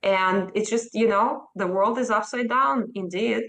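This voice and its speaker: A woman's voice: medium pitch, measured pace, a bit bright. A woman in her thirties from Russia with a Russian accent, answering a news interviewer emphatically and insistently. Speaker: interview guest.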